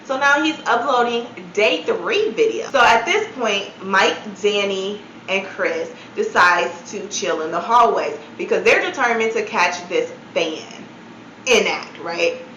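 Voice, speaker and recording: A woman's voice: mid-range voice, unhurried, bright, forceful tone, a little hiss or hum. Chatty woman vlogger telling a storytime. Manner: chatty, many "like" fillers, incredulous asides. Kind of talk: casual storytime retelling. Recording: roomy, slightly dull sound.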